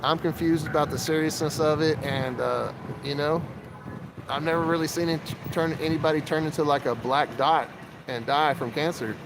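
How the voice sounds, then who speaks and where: A man's voice: a little high, fairly even intonation, moderate pace, noisy background. A man chatting casually to his livestream viewers, rambling from topic to topic, recorded on a phone outside. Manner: rambling, talks to chat.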